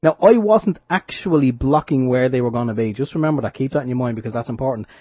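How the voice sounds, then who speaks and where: A man's voice: mid-range voice, fast talker, no echo. Wry Irish man telling a story. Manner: wry, anecdotal, with frequent restarts. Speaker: radio show co-host. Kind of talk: casual storytelling chat. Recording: dull dry radio sound.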